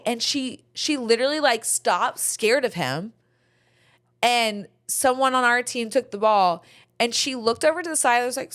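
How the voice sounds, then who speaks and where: A middle-aged woman hosting a podcast, telling stories in casual chat, animated and frank, swearing freely. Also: on the high side, slow pace. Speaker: podcast host.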